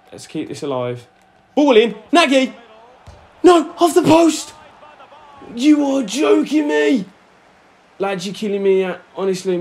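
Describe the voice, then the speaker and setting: A young man giving excitable, sweary commentary over a football video game, shouting at his players. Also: medium pitch. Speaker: gaming YouTuber. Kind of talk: live gameplay commentary. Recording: faint music under voice.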